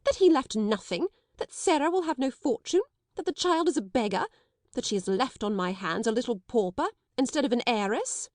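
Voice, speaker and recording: A woman reading an audiobook, voicing a stiff, indignant middle-aged schoolmistress who turns shrill. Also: very animated, moderate pace, a little mellow, no room sound, studio quality. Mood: shocked. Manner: haughty, shrill when shocked.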